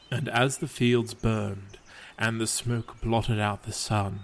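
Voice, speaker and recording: Slow, low-voiced male storyteller. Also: a little hiss or hum. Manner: calm, solemn, measured reading. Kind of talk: scripted story narration.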